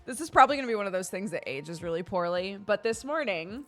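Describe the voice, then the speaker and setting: A woman livestreamer and mother telling a story about her daughter in a casual, animated way, laughing often. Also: medium pitch, fast talker, faint music behind. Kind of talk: casual storytelling on a live stream.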